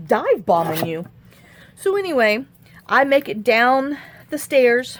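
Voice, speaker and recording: Animated woman telling a story. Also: on the high side, takes it slowly, long pauses, a little hiss or hum. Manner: animated storyteller acting out quotes. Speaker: crafting vlogger. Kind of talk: casual storytelling.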